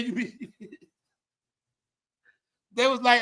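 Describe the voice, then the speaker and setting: A man's voice: very high-pitched, fairly even intonation, a little slow, pauses often, sharp tone. A man hosting a casual commentary stream, slangy and profane, laughing often as he tells stories. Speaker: commentary livestream host.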